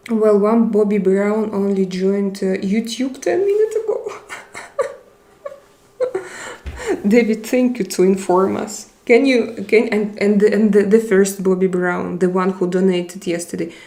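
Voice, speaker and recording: Streamer, woman: gravelly, unhurried voice in a roomy echo, reading chat aloud in a halting way. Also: medium pitch, warm tone. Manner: halting, chatty, laughs often. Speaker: livestream host. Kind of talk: casual live chat, reading viewer comments aloud.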